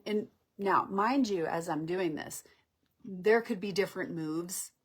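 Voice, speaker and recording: A woman with a lowish, slightly breathy voice talks on a live stream as a relationship coach. She keeps it conversational, acts out the lines couples say to each other, and often checks in with "right?".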